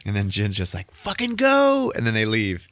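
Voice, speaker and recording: A man casually recapping a movie on a podcast, swearing constantly and acting out the characters in quick voices. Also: lowish voice, little pitch movement, a bit bright, no room sound, clean studio sound.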